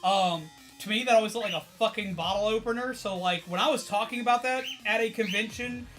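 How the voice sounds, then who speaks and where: Bright-voiced excitable male streamer. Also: high-pitched, fairly quick, faint music behind. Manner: excitable, swears a lot, laughs often. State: tired. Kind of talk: casual chat to viewers.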